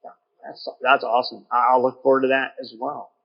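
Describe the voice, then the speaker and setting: A man's voice: mid-range voice, little pitch movement, a little fast, vocal fry. A chatty male podcast host talks casually in a brewery taproom. He rambles and often restarts his sentences. The recording sounds a little dull. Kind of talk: casual interview chat.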